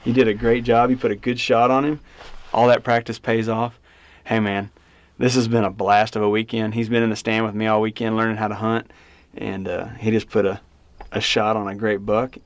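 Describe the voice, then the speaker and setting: A man hunting guide speaking in hushed, encouraging tones inside a hunting blind. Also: fairly low pitch, little pitch movement, brisk. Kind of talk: whispered coaching in a hunting blind. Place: box blind outdoors.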